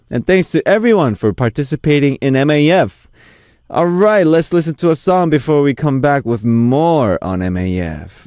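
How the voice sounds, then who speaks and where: A man's voice: on the low side, darkish tone, no echo, clean studio sound. A man hosting a radio music show, reading listener messages aloud and answering them with playful, teasing asides. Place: radio studio. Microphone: studio mic.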